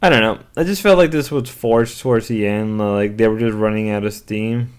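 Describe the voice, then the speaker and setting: A man's voice: on the low side, moderate pace, clean tone. A man giving reaction commentary on a stream clip, rambling with hesitant fillers and restarts. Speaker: commentary youtuber.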